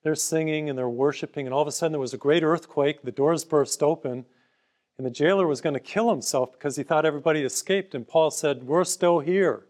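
A man's voice: fairly high pitch, fast, darkish tone. A man preaching a broadcast sermon, telling everyday stories to make his point and offering free booklets to listeners. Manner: conversational storytelling with everyday parables.

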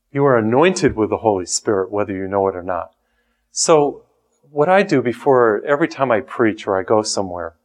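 A man preaching a sermon in an earnest, lively way, lifting his voice on key lines. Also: medium pitch. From Italian heritage.

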